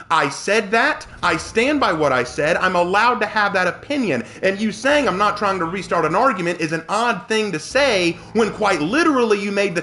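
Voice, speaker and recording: Man, streamer, heated rant at chat, high voice, swings wildly up and down. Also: sharp tone. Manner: heated, indignant, ranting; answers chat by name. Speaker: streamer and writer. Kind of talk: live-stream rant to chat while gaming.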